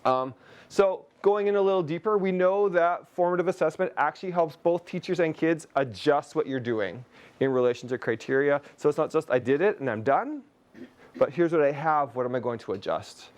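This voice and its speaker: A man's voice: a little high, expressive, moderate pace, smooth. A man from Canada leading a teacher webinar on a video call, chatty, with jokey asides to his audience. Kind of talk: webinar presentation.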